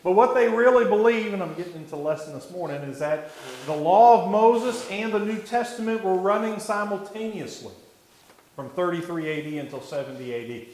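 A man's voice: high voice, expressive, darkish tone, a little hiss or hum. Man teaching a Bible class, echoey room. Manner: measured, with frequent fillers and restarts, asks the class questions. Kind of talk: church Bible class lesson.

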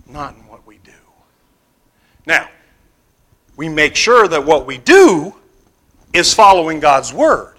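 Bible class preacher, man, slow emphatic delivery, bright high voice, questions the room. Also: very animated, low-quality recording. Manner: emphatic, repeats key phrases, swings between loud stress and quiet asides. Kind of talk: sermon-style Bible class teaching.

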